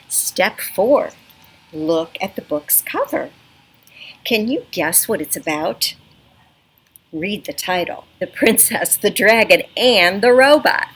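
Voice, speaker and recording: A woman's voice: medium pitch, slow pace, breathy edge, low-quality recording. A woman librarian reading a picture book aloud to children on a front porch, coaxing and teacherly, recorded on a computer. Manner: animated, teacherly, coaxing young listeners. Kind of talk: children's storytime read-aloud. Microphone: computer webcam. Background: neighborhood sounds.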